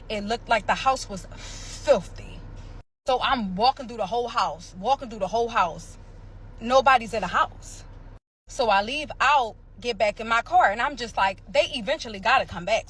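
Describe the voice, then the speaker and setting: A woman from Pennsylvania tells her own story straight to camera in a casual vlog. Her voice sits a little high, and she is emphatic and animated, repeating lines for effect and acting out knocks and shouts. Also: slightly rough. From Pennsylvania, USA.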